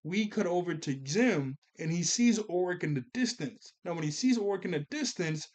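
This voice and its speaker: A man's voice: high-pitched, lively intonation, moderate pace, a little mellow. A man giving a casual, rambling recap of a cartoon episode as a reviewer. He often corrects himself and laughs as he talks.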